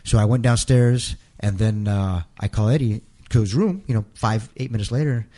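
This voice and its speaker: A man's voice: lowish voice, normal speed, mellow. A man telling a long personal story in a casual interview, rambling and restarting and quoting others in his own voice. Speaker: interview guest.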